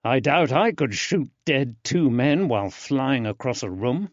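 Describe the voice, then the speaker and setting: A man doing a calm, measured investigator. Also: medium pitch, no echo, muffled recording, lightly acted.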